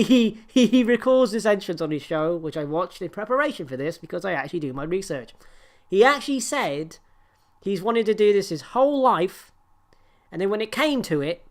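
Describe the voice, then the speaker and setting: A woman co-hosting a wrestling podcast, giving an animated, profane recap broken up by laughter. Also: on the low side. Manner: animated, sweary ranting with laughter. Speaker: podcast co-host.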